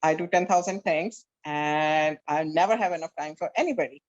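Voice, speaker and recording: A woman's voice: low voice, moderate pace, highs cut off. A woman real estate agent co-hosting a casual discussion, candidly telling stories about her own work and temper.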